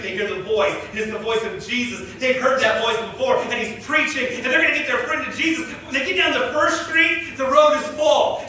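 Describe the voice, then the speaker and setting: A male pastor preaching a sermon in a church, telling the story dramatically and swinging between loud and hushed delivery. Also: extremely high pitch, a little hiss or hum. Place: church sanctuary. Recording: echoey church hall from far off.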